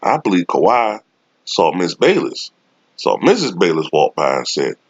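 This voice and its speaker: A man's voice: deep voice, wildly swooping pitch, moderate pace, dry recording. A man delivering a sarcastic, profane sports commentary rant. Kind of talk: casual ranting commentary. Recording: dull lo-fi dry recording.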